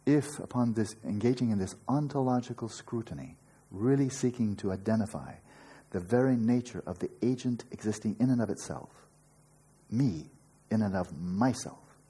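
A man's voice: medium pitch, dark tone, husky. An older man giving a meditation teaching, earnest and explanatory, with playful asides and frequent rhetorical questions. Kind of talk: dharma talk to retreat students.

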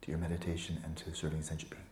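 A man teaching meditation to a retreat group, relaxed and playful, often sinking into a soft whisper and teasing students by name. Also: very deep voice, rapid-fire, a little hiss or hum. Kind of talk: dharma talk to a retreat group. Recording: echoey room with faint ambience.

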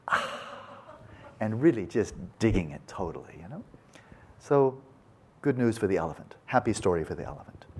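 A male meditation teacher giving a dharma talk at a retreat, telling a parable in a folksy, animated way with casual asides. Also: fairly low pitch, slight background noise.

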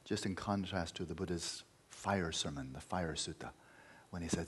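A man's voice: low voice, normal speed, slight background noise. A man teaching meditation in a dharma talk, emphatic, repeating key words and at times dropping to a near-whisper.

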